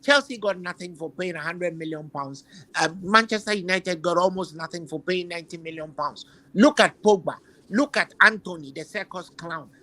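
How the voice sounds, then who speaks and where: A man's voice: high-pitched, moderate pace, pushed and bright, poor audio. A man hosting a football chat, giving emphatic opinions and repeating phrases while he searches for words. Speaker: football podcast host.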